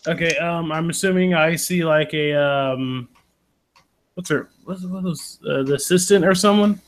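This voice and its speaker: Man, fairly high voice, tabletop player, hesitant, lots of ums. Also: measured pace, slight background noise. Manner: hesitant, with many ums and restarts. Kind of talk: casual tabletop play.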